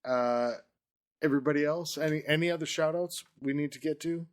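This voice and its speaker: A man's voice: a little high, fairly quick. A man co-hosting a podcast, teasing his friends with wisecracks in casual chat. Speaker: podcast co-host.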